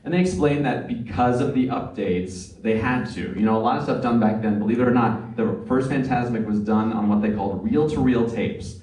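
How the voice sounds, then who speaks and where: A man's voice: mid-range voice, brisk, few pauses, a little mellow. A man, a voice actor, telling earnest, nostalgic anecdotes at a fan convention panel, with many fillers. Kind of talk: anecdotal storytelling at a live panel. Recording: echoey room from far off.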